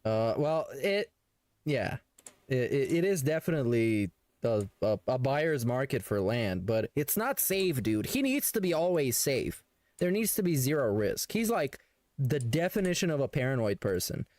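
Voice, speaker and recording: Animated, sarcastic male co-host. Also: medium pitch, moderate pace, no echo. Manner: sarcastic, profane, mocking. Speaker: co-host reacting to a stream. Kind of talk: casual mocking commentary.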